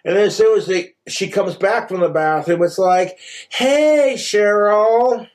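A man's voice: high-pitched, normal speed, a little mellow. A man from Wyoming rambling through profane jokes on a comedic livestream monologue. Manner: profane, rambling joke-telling.

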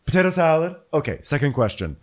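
Brief: a man playing a flighty, theatrical middle-aged socialite, chirpy and animated. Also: on the high side, a little fast, voice pushed up.

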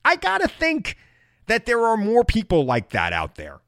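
A man's voice: high voice, wildly swooping pitch, moderate pace, a bit bright, no echo, clean studio sound. A man from New York hosting a podcast, talking politics in casual, joking banter. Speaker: podcast host.

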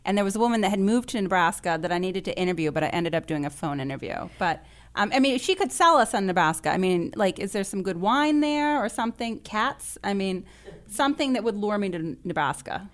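A woman's voice: mid-range voice, animated, brisk. Woman, true-crime writer, podcast panelist, wry and joking. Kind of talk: casual podcast chat.

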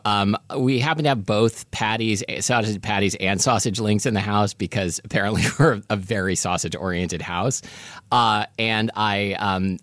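A man's voice: lowish voice, fairly bright tone, no room sound, clean studio sound. A man chatting casually, playful and wordy, asking lots of questions and riffing on the food. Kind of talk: casual chat, food tasting.

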